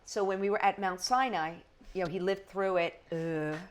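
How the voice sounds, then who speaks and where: Middle-aged woman, comedian, animated storyteller, acts out voices, casual podcast chat. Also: mid-range voice, moderate pace. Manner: animated, acts out the people in her stories. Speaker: guest comedian.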